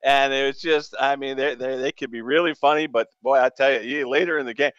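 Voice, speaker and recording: A man from New England hosts sports radio, rambling excitably and stammering through his restarts. His voice is bright, crisp and a little high, heard on dry, slightly dull radio audio. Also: fairly quick, dry recording.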